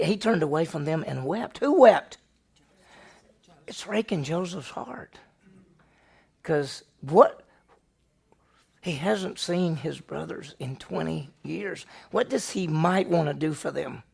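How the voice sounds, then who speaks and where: Guy pastor running bible class, kinda high voice w some gravel in it, keeps throwing questions at the room. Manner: animated, quizzes the class with questions. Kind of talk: Bible study lesson with scripture reading.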